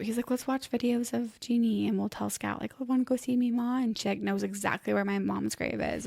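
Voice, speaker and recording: A woman's voice: mid-range voice, vocal fry, no room sound, clean studio sound. A young adult woman co-hosting a podcast, talking candidly and emotionally and acting out what other people said to her. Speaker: podcast co-host. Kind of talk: candid conversational podcast chat.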